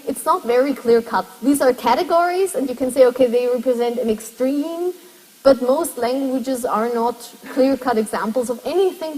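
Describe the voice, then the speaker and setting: A high-voiced woman lectures a university class with a breathy tone. She explains step by step and keeps asking her students questions. Her voice carries a long reverb from a lecture hall. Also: darkish tone.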